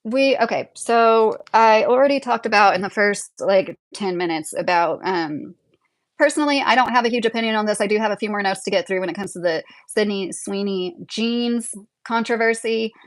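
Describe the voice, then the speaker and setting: Young woman, casual opinionated streamer, mid-pitched, rambling delivery, dry mic. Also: normal speed, no room sound. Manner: rambling, opinionated, laughs often. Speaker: livestream host. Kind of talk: casual livestream commentary.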